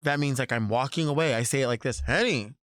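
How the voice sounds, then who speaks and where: A man's voice: medium pitch, quick pace, dry recording, studio quality. A man who hosts as a drag queen, talking in a campy, sassy way and stretching words out for emphasis. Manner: sassy, conversational. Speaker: podcast host, drag queen. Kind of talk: casual solo monologue.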